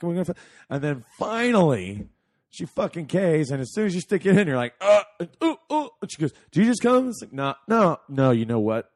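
A man's voice: mid-range voice, darkish tone, no room sound. Blunt profane man, dry close sound. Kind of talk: crude casual banter.

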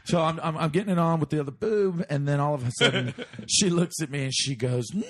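Husky man telling a rambling story. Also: fairly high pitch, fast. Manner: rambling, swearing, many fillers and restarts. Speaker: storyteller guest. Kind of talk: casual comedic storytelling.

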